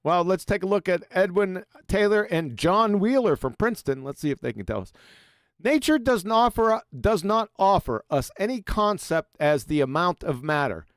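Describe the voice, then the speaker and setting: High, lively-voiced sarcastic man. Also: moderate pace, dry recording, clean studio sound. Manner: sarcastic, mocking asides between quotes. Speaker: host. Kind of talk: live stream discussion reading quotes.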